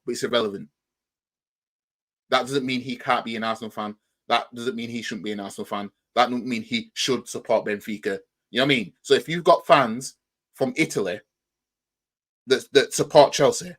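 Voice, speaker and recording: A man with a Yorkshire accent hosts a football reaction channel, giving casual commentary in a rambling, argumentative way and firing off rhetorical questions. His voice is mid-range and fairly bright.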